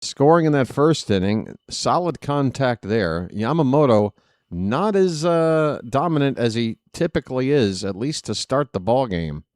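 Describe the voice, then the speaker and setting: A man calling live baseball play-by-play for fans, excitable and jokey, talking straight to his listeners. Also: medium pitch, measured pace, dry recording, studio quality. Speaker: fan play-by-play commentator.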